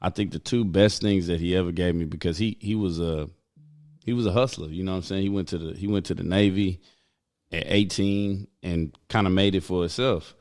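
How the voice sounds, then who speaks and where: Deep-voiced laid-back young man. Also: fairly even intonation, a little fast, darkish tone. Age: young adult. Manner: laid-back, laughs often, profane. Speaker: podcast co-host. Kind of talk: casual chat.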